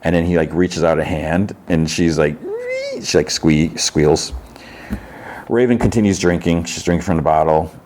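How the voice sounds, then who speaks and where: A man's voice: low-pitched, steady tone, a little fast, few pauses, darkish tone. A man hosting a podcast, rambling through a casual recap of a TV episode with restarts and the odd laugh. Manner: rambling, with frequent restarts and "he's like" quotes; laughs while telling the story. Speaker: podcast host.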